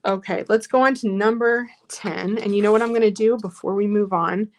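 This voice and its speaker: A woman's voice: mid-range voice, fairly even intonation, brisk, a little hiss or hum. Woman, craft class instructor, chatty, encouraging, talks to viewers while working. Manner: chatty, encouraging, reads viewer comments aloud. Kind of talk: live online craft class.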